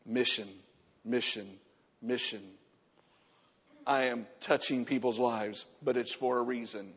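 A man in his sixties preaching a sermon, repeating key words with emphasis and dropping to a soft, low voice to stress a point. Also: fairly even intonation, slow, long pauses, slightly rough. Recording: muffled sound with long hall reverb.

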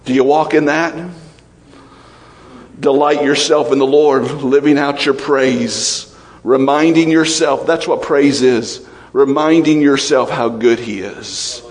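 A male pastor delivers his sermon with open emotion, climbing high and bright in praise and sinking low and hushed for warnings. His voice sits at an ordinary middle pitch, carried by the long reverb of a large hall. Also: takes it slowly. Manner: emotional, animated preaching with laughs and sudden drops to low, quiet tones.

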